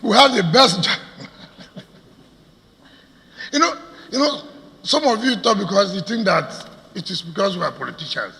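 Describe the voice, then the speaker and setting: A man's voice: sits high, animated, measured pace, creaky, pauses often, bright, forceful tone. A man with a Nigerian accent, a state governor making a combative public address to stakeholders, firing off rhetorical questions. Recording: reverberant hall.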